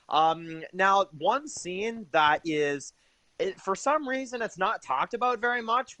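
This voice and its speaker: Bright, dry-voiced young man rambling. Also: on the high side, dry recording. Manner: enthusiastic, rambling with many fillers. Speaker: TV episode reviewer. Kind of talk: casual opinion review.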